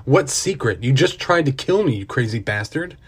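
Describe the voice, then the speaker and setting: A man voicing a younger man chasing success, speaking higher and more pleading. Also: expressive, moderate pace, breathy edge. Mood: outraged. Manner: raised, pleading and indignant. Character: eager, then furious young man seeking success.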